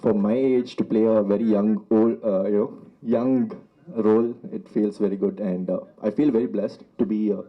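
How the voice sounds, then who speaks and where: A man from North Madras speaks in a lowish voice. He rushes through a halting stage speech full of fillers. The event audio sounds dull. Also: fairly even intonation. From North Madras, India. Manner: rapid, halting, many fillers. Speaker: actor at a trailer launch.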